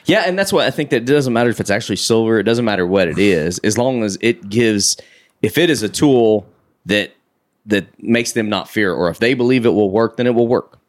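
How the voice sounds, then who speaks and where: A man's voice: lowish voice, lively intonation, brisk, no echo. A man co-hosting a podcast, chiming in on a movie discussion with easygoing jokes and pop-culture comparisons. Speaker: podcast co-host.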